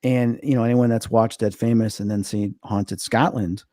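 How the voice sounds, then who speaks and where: A Chicago man in his fifties, a medium and paranormal investigator, is a guest in a casual interview. He tells his stories fast and with lots of animation, acting out quoted dialogue with big jumps in pitch. There's no room sound.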